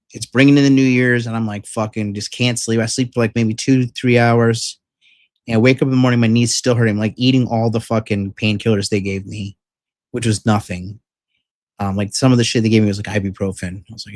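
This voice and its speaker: A man vlogging, retelling a rough experience in a rambling, profane, frank way with lots of fillers. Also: lowish voice, steady tone, brisk, darkish tone, no room sound. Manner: frank and emphatic. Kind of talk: casual storytelling vlog.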